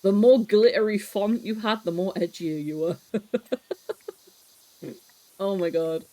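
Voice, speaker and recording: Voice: medium pitch, unhurried, poor audio. A live streamer in their thirties, chatting casually and reminiscing with viewers, swearing freely and laughing often. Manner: reminiscing, animated storytelling. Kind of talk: casual chat while cleaning on stream.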